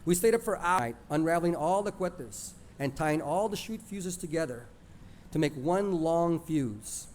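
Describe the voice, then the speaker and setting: A man's voice: fairly high pitch, animated, a little slow, a little mellow, slight background noise. A man telling a childhood story plainly, dropping in Spanish words. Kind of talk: oral storytelling of a childhood memory.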